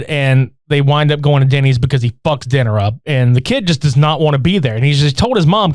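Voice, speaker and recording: A man co-hosting a podcast, retelling a film plot in casual, profane, animated chat. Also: a little high, no echo, studio quality. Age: older adult. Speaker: podcast co-host.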